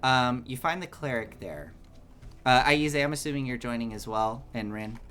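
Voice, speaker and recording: A game master narrating a tabletop game in an animated way, laughing often and using many fillers. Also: medium pitch, normal speed.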